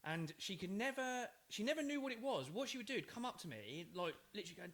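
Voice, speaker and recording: A man's voice: high-pitched, fast, hardly any pauses, very noisy. A man, co-hosting a casual podcast chat and telling anecdotes about his children. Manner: chatty, relaxed anecdotes with frequent fillers. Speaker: podcast co-host.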